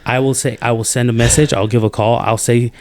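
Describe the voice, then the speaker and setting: A man hosting a podcast, venting in an animated, exasperated way with many restarts. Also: medium pitch, brisk, no room sound. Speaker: podcast host. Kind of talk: casual chat.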